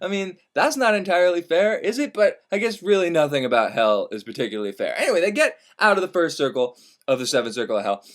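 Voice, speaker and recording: A man's voice: on the high side, sing-song, quick pace, fairly bright tone. A man casually retelling a classic epic as comedy, profane and full of wry asides. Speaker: storyteller. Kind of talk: irreverent comic retelling of a classic.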